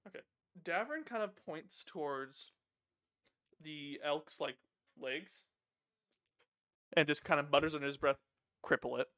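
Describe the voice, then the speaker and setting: A man's voice: a little high, expressive, unhurried, long pauses, bright, forceful tone. A man playing in a tabletop role-playing game, casually narrating what his character does and swearing freely. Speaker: player.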